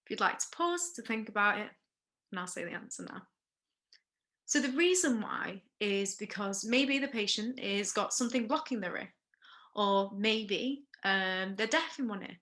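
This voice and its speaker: A woman runs a first aid lesson with a bright, clear voice and a middling pitch. She explains each step in turn and stops to put questions to the class, checking in with frequent okays. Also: expressive, normal speed. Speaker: first aid workshop instructor.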